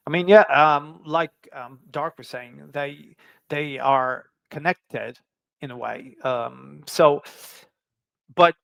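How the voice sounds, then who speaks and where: A man's voice: on the high side, creaky, fairly bright tone, dry recording. A man speaking as a guest in a casual interview over a video call. He talks with many fillers and restarts. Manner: hesitant, full of fillers and restarts.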